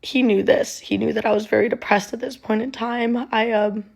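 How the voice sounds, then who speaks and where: A young woman recounts a hard memory in a casual, halting way, stopping often to restart her thoughts. Her voice is husky and breathy, with a gravelly fry at the ends of phrases. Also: a little high, fairly even intonation. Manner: halting, many ums and restarts. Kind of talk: casual storytelling to camera.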